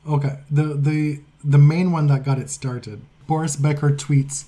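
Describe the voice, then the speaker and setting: A man's voice: a little high, fairly even intonation, slow, long pauses, mellow. A man co-hosting a casual podcast chat, retelling stories and reading tweets aloud in a conversational way. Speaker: podcast co-host.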